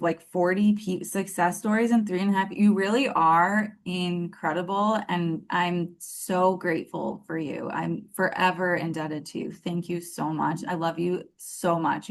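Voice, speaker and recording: A woman in her thirties, a podcast guest and former coaching client, talking casually in a rambling, earnest way with lots of "like" and restarts. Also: fairly low pitch. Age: 30s. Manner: rambling, filler-heavy, earnest.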